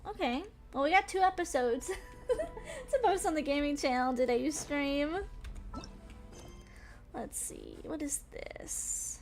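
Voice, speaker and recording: A woman's voice: high-pitched, lively intonation, takes it slowly, pauses often, faint music behind. A young woman streaming games, chatting casually and rambling, still shaken and breathless after a scary game. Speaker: gaming streamer. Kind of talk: casual live-stream chat.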